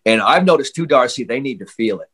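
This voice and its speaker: A man's voice: mid-range voice, expressive, fast talker, a bit bright, slightly rough. A man in his forties, a mental skills coach, talking as an interview guest in swaggering, fired-up trash talk full of slang.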